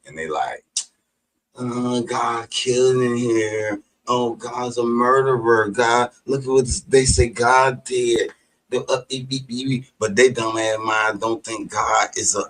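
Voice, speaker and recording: A man delivering a heated, profane, preachy monologue, combative in tone and breaking into sudden shouted outbursts. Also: fairly low pitch, husky, rough recording.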